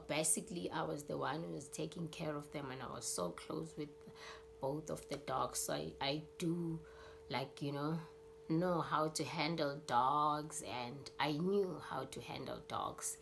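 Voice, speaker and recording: A woman's voice: low-pitched, creaky, a bit bright, slight background noise. A South African woman telling a story in a casual vlog, rambling with many fillers and acting out scenes. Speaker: YouTuber.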